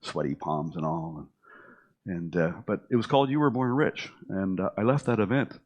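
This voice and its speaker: A deep-voiced middle-aged man recounts a personal story at a moderate pace, animatedly performing the dialogue others spoke to him. His telling is casual, with many fillers and restarts, and the recording has its highs cut off.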